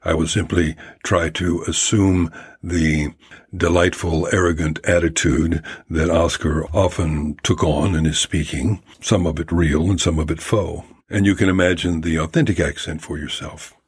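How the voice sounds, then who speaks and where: Male podcast host, wry storyteller; low, husky voice, dry close sound. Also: steady tone, moderate pace, no echo. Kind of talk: scripted podcast narration.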